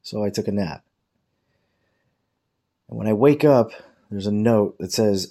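With a fairly low, warm voice, this man speaks a little slowly and leaves long pauses. His loose, profane account of something at work is told casually, with coworkers' lines delivered in mocking voices.

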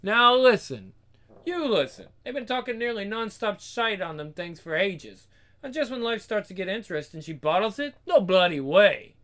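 A man's voice: high-pitched, big pitch swings, normal speed, fairly bright tone. A man voicing a foul-mouthed, hard male ringleader with a blunt, menacing manner. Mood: scornful.

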